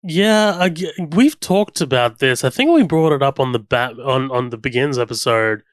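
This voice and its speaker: A man co-hosting a film podcast talks through the movie with real enthusiasm, retelling scenes and even humming the score. His voice is smooth and resonant, and it sounds close and dry. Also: medium pitch, moderate pace, no echo. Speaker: podcast co-host. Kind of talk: casual film commentary chat.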